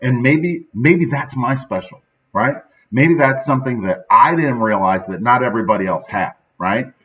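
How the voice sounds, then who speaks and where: A man in his thirties from central Illinois speaks at normal speed in a medium-pitched voice that sounds pushed and bright. Hosting his daily motivational show, he rambles in an upbeat, casual way and often tacks on "right?", with slightly dull, lo-fi sound.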